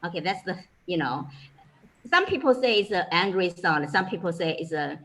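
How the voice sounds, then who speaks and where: A woman's voice: lowish voice, expressive, moderate pace, fairly bright tone, low-quality recording. Chinese-accented woman teaching with many fillers. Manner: many fillers like "you know" and "okay". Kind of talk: informal online lecture.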